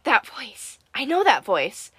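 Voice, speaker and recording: A woman's voice: on the high side, huge pitch swings, slow pace, bright, forceful tone, breathy edge, no room sound, exaggerated voice. A woman voicing a dazed teenage ghost with a dry, papery voice. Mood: hollow.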